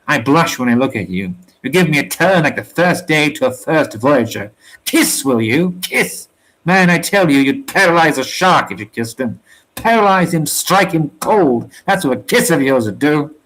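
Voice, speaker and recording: A man's voice: a little high, expressive, normal speed, fairly bright tone, rough recording. A man voicing a boastful quarrelsome sailor. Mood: boastful insults. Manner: rough sailor's slang, colorful insults. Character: quarrelsome boastful male sailor, insult-slinging. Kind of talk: storybook reading.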